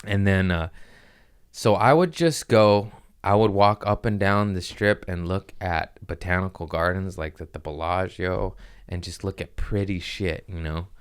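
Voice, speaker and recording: A comedian hosting his own podcast, swapping stories in an easy, profane way. His voice sits low and comes through smooth and resonant. He keeps it lively, leaping into high-pitched voices whenever he quotes someone. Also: unhurried. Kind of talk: casual storytelling chat.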